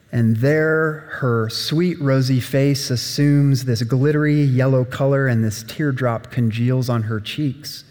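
A man's voice: medium pitch, a little mellow. A male pastor giving a sermon, retelling a story conversationally with asides to listeners. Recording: reverberant hall.

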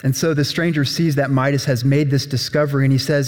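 A man's voice: mid-range voice, steady tone, fast talker, hardly any pauses. A male pastor giving a sermon, retelling a story conversationally with asides to listeners. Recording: reverberant hall.

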